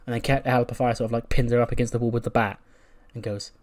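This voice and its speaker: A man's voice: mid-range voice, steady tone, quick pace, hardly any pauses, a little mellow. A man giving casual commentary over a wrestling sim playthrough, chatty and laughing, acting out the characters' lines. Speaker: gaming YouTuber.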